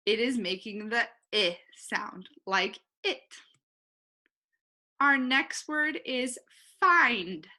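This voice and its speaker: A woman teacher giving a recorded online phonics lesson, talking slowly and clearly and saying each word twice. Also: on the high side, pushed and bright.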